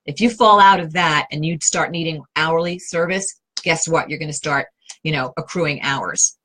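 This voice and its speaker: A middle-aged woman with a New York accent hosts a live question session on interior design. Her voice sits slightly low, and she speaks in a chatty, direct way. She often restarts her sentences and fills pauses with "um". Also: bright, forceful tone, rough recording. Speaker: interior design advisor and host. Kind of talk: answering viewer questions live.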